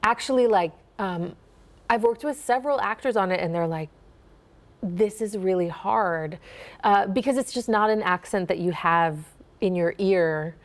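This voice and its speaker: A woman's voice: medium pitch, normal speed. A young woman from Minnesota, an accent coach, answering interview questions in a chatty way with lots of fillers and easy laughs.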